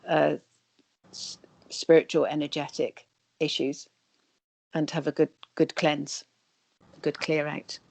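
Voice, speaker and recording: A woman guest on a video call interview, calmly explaining energy healing. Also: low voice, slow, creaky, pauses often, no echo. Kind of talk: interview answers.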